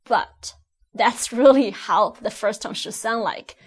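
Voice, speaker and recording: A woman leads a language lesson at an unhurried pace. Her voice sits high, and she models each sound patiently, one at a time. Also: slightly rough. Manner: patient, explains step by step, models tones slowly. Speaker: Mandarin teacher.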